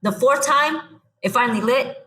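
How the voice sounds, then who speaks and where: A young woman talks as a podcast guest, her voice sitting a little high. She tells her story bluntly and with energy. She drops straight into the lines she spoke back then. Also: normal speed. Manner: animated, blunt storyteller acting out her own past lines. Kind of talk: casual storytelling.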